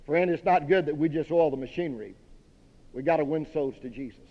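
A man's voice: a little high, fairly quick. A man from Dallas, preaching a sermon in a direct, emphatic, folksy way. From Dallas, Texas. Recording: dull long-reverb hall recording.

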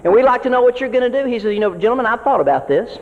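A man's voice: very high voice, lively intonation, very fast. A man preaching as a pastor, earnest and folksy, often repeating words as he builds each point. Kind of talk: sermon to fellow ministers. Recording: dull audio with long hall reverb.

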